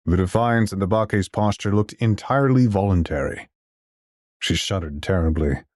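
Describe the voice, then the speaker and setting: A man narrating a science fiction audio drama in the first person, in a steady, measured storytelling manner. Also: low voice, no echo, clean studio sound.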